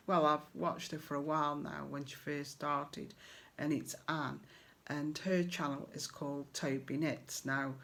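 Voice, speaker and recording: Chatty English woman crafting vlogger. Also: deep voice. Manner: rambling, friendly, lots of fillers and asides to the viewer. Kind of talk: casual chatty vlog.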